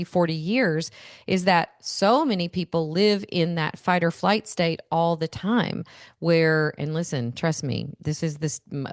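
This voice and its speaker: A woman in her forties hosting a podcast, telling stories in an animated way and laughing often. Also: on the low side, no room sound, clean studio sound. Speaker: podcast host. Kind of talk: casual solo podcast talk.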